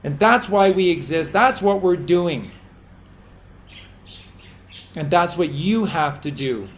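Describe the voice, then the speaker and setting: A man's voice: on the high side, animated, slow. A man hosting a podcast, giving impassioned religious commentary in a preachy, repetitive way as he exhorts his listeners. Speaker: podcast host.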